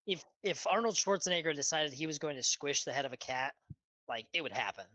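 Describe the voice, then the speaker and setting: A man's voice: fairly high pitch, animated, fairly quick, pushed and bright, no echo, poor audio. A man narrating as game master of a tabletop game, hesitant and full of fillers.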